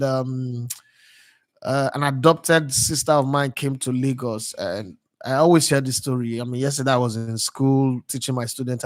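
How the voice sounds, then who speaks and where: A man's voice: mid-range voice, no room sound, clean studio sound. A Nigerian man in his thirties hosting a sports channel, telling rambling stories in a casual monologue and slipping into pidgin. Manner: digressive storyteller slipping into pidgin.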